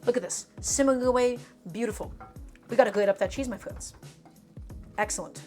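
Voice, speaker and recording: A woman's voice: on the high side, lively intonation, fairly quick, darkish tone, soft background music. A woman chatting casually through a live cooking stream, emphatic and talking to her viewers as friends.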